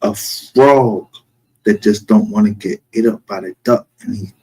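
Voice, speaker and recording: A man with a Southern US accent is hosting a livestream with a husky, rough-edged voice. He talks in an unhurried drawl, profane and mocking, and laughs often. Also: on the low side, mellow, poor audio. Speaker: streamer host. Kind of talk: casual livestream commentary.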